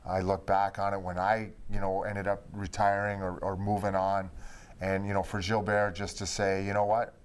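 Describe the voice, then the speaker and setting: Low-voiced man reminiscing, full of fillers. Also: completely flat delivery, moderate pace, clean tone. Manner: rambling, many fillers of "you know". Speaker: former teammate. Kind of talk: reminiscing conversation.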